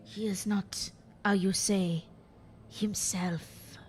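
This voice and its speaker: A woman's voice: high-pitched, fairly even intonation, moderate pace, fairly bright tone, a little hiss or hum, voice pushed up. A woman voicing a scheming female cat in a tabletop role-play, with mock French phrasing.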